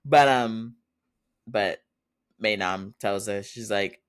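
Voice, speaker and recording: A man's voice: lowish voice, slow pace, clear, resonant tone. A man hosting a podcast, casually recapping a TV episode in a chatty way and laughing often as he retells it. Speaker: podcast host.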